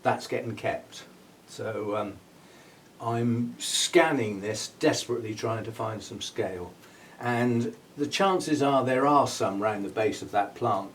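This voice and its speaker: A man's voice: medium pitch, distant mic, poor audio. A man hosting his own channel, talking casually through a hands-on job, musing aloud and chuckling at himself as he goes. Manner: chatty, muses aloud while working, chuckles at himself. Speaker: orchid grower and channel host. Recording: faint background noise, speaking away from the mic.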